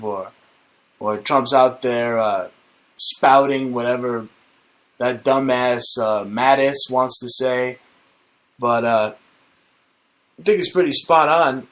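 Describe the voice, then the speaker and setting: A man's voice: mid-range voice, slow pace, long pauses, fairly bright tone. A male comedy show host delivering a profane, rambling, mock-conspiratorial satirical rant.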